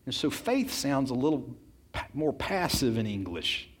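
A man's voice: mid-range voice, sing-song, a little slow, husky. A man preaching a sermon, earnest and emphatic, often repeating words as he goes and putting questions straight to his congregation. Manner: addresses the congregation directly with questions.

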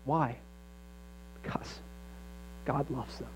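A man's voice: mid-range voice, fairly even intonation, takes it slowly. A young adult man preaching a sermon as a pastor, talking in a conversational, emphatic way and often restarting his sentences. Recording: dull lo-fi sound with faint mains hum.

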